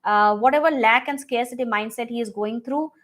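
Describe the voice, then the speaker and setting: A woman coaching listeners through a healing prayer in a live Q&A, earnest and repetitive, with many fillers, dropping soft and low on the prayer words. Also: fairly quick. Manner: drops soft and low when reciting the prayer. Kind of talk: live Q&A teaching.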